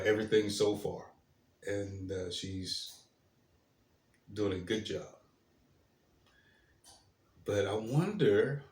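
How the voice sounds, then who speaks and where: A man hosting his own commentary stream, talking in a halting way with many fillers and restarts, his phrases trailing off softly. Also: mid-range voice. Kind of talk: slow, hesitant solo commentary. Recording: roomy echo, faint background hiss.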